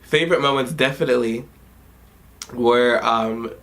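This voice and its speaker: A man in his twenties reviewing a video game in a vlog, tearful and emotional, halting and often trailing off mid-sentence, in a dim room at home. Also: mid-range voice, fairly bright tone. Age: 20s. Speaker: gaming YouTuber.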